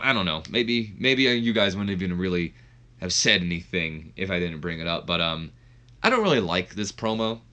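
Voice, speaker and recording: A man's voice: low voice, pushed and bright. A man hosting a let's play, casually narrating and commenting in a rambling, self-deprecating way.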